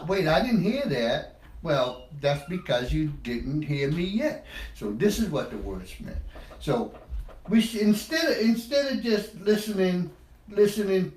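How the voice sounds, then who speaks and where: A man from the United States speaks in an informal, meandering monologue, often restarting phrases and laughing at his own words. His voice sits slightly high for a man. The room around him is echoey. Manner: rambling, repeats words, laughs at himself. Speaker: speaker on language.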